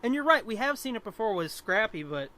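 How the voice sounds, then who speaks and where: A man co-hosting a comic-book podcast in casual chat, excitable and profane. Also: high voice, a little fast. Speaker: podcast co-host.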